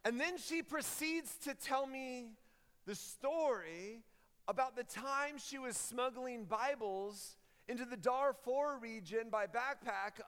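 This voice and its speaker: A young man preaching a sermon, telling a story in an animated way and rising loud and high at the big moments. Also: takes it slowly, clean tone. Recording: long hall reverb.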